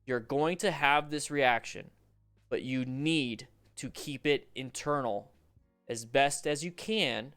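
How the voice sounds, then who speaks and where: A man coaching motorcycle riders over a livestream, commenting on riding videos in an animated, joking, rambling way with restarts. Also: mid-range voice, slow, clear, resonant tone, soft background music.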